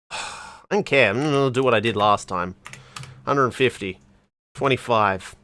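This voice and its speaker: A man's voice: mid-range voice, measured pace, bright, forceful tone. Wry man commenting on a game. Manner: wry, reads on-screen text aloud. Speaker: let's play host. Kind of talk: casual gameplay commentary.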